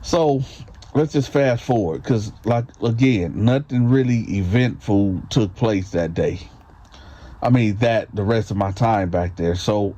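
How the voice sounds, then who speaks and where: A man's voice: lowish voice, mellow. A man telling a story in a loose, casual way, full of fillers and tag questions, in a slightly muffled recording. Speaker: storyteller, channel host.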